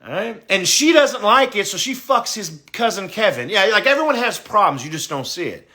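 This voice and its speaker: A man hosting a livestream, talking bluntly and profanely in a confessional rant that swings into loud, excited, laughing bursts. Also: sits high, moderate pace. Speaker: livestream host.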